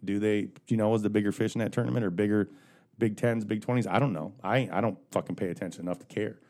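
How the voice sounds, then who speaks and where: A man's voice: on the low side, fairly even intonation, fast, darkish tone. A man ranting in casual podcast chat, profane and joking.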